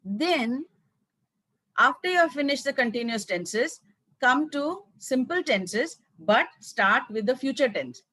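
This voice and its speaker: A woman from South India speaks with a Tamil accent, coaching English teachers in an emphatic, repetitive way. She acts out little teacher-and-child exchanges as she goes. Her fairly high voice sounds dry and close to the mic. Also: lively intonation, slow pace, bright, forceful tone, no room sound. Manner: emphatic, repeats words, acts out classroom dialogues. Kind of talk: teacher training talk.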